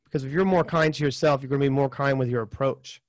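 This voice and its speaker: Blunt-talking podcast host, dry sound. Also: male voice, medium pitch, steady tone, fast, dry recording. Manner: blunt and frank, with occasional swearing. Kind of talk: casual interview chat.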